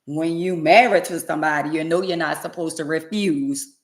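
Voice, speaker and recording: A woman's voice: low voice, moderate pace. Blunt, sassy woman ranting to viewers. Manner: blunt, sassy, preachy, swings loud and quiet. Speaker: livestream host. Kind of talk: casual livestream rant to viewers.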